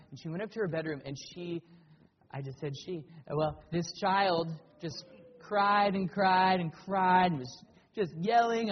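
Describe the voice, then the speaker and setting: Husky high-voiced male pastor preaching. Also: moderate pace, big-room sound, lo-fi sound. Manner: animated storytelling with emphatic rises in pitch and loudness; earnest, personal anecdotes. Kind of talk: sermon.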